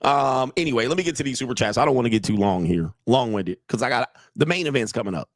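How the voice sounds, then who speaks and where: A dating and relationship coach streams live, delivering a casual monologue that's blunt, profane, and repetitive while daring his audience to disagree and asking for their agreement. His medium-pitched voice is animated and quick, with clean studio sound and no room sound.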